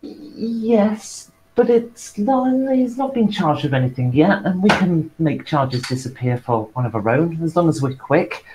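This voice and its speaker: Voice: medium pitch, expressive, normal speed, few pauses, a little mellow, low-quality recording. Offhand player, faint noise behind. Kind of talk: tabletop role-play.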